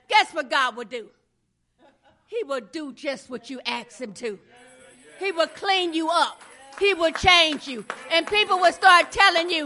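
A woman's voice: sits high, expressive, moderate pace, bright, forceful tone. A woman preaching a sermon with impassioned, repetitive emphasis that builds and rises.

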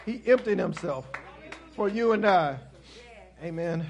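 A man preaching a sermon in an emphatic, repetitive call-and-response style, building in intensity and then softening. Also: high-pitched, animated, measured pace, creaky.

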